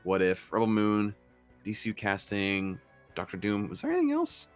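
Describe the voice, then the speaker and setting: Male co-host, low and expressive, keeps the chat moving. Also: normal speed, clear, resonant tone, soft background music. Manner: conversational, steering the topics. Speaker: podcast co-host. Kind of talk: casual chat.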